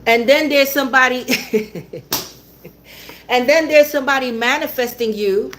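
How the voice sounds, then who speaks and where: A woman's voice: sits high, unhurried, fairly bright tone, slight background noise. A woman giving a tarot reading in a blunt, repetitive way, swearing now and then. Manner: blunt, swears, repeats herself, laughs often. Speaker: tarot reader.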